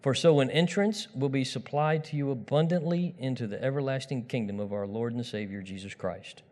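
A man preaching a sermon in a conversational way, talking straight to his listeners and moving between loud emphasis and quiet asides. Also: medium pitch, a little fast. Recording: long reverb of a large hall.

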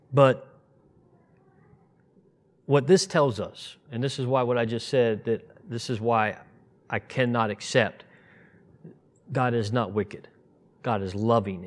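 Emphatic man in his fifties preaching. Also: mid-range voice. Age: 50s. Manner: conversational, digressive, rising to emphatic outbursts. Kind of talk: informal sermon.

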